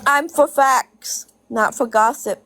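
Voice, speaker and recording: A high-pitched woman vents straight to the camera, swearing freely and hammering each point home by saying it twice. Short laughs break up her complaints. The sound is dry and close, with no room around her. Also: slow pace, bright, forceful tone, no room sound. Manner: blunt, profane, laughing between points; repeats herself for emphasis. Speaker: social media commentator. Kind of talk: casual ranting vlog.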